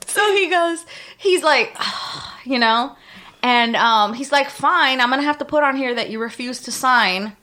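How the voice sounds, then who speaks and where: A woman chats with her co-host in a high, bright voice. She tells her story with lively energy and slips into different voices for each person in it. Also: a little slow. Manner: animated, acts out both sides of the story. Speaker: podcast co-host. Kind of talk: casual storytelling chat.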